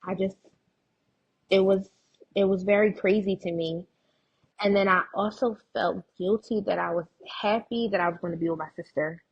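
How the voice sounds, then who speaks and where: Her voice sits in the mid range with a breathy edge, the intonation fairly even and the pace moderate, while the recording's highs are cut off. She is an interview guest earnestly recounting emotional experiences, repeatedly restarting as she tells each story.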